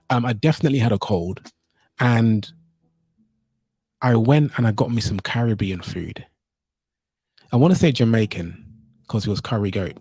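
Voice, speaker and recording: Streaming casually from home on his phone, a man chats in an upbeat way and keeps greeting his viewers again and again. His medium-pitched voice is dark and husky.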